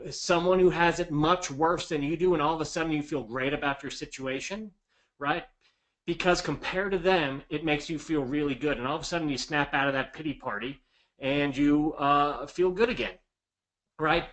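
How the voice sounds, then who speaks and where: A man teaching a sales lesson, shifting into quiet, stammering apologies when he acts out calls to sellers. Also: fairly high pitch. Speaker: sales trainer. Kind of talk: instructional talk with role-play examples.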